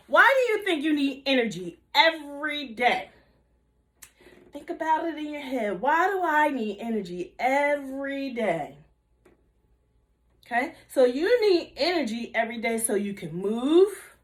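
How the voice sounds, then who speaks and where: A woman giving a kindergarten video lesson on healthy eating, in a bouncy teacher voice with call-and-response and drawn-out repeated words. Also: high-pitched, animated, a bit bright. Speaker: nutrition educator for young children.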